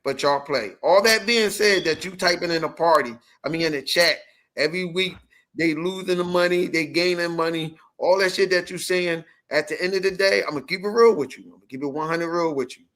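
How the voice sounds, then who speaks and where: A podcast host in a loose, profane chat, throwing himself into a story and voicing the people he quotes. His voice sits a little high, with a bright, forceful edge. He talks casually and swears freely. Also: fairly quick.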